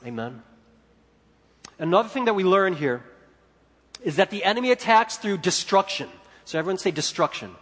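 A pastor delivers a sermon in a high voice, rising to loud peaks and dropping to near hushes. The sound rings with a long reverb from a large hall. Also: male voice, lively intonation, normal speed, pauses often. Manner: preaching with swings between loud and hushed.

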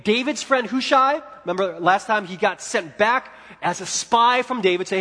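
A man preaching a sermon as pastor, swinging between loud and hushed delivery. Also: high voice, moderate pace. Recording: long reverb in a large hall.

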